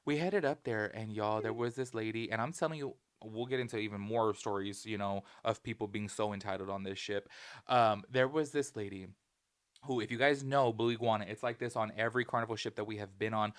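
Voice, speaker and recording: A man's voice: on the low side, steady tone, a little fast, clean tone. A man co-hosting a casual podcast, telling a story and acting out other people's lines in a raised voice. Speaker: podcast co-host.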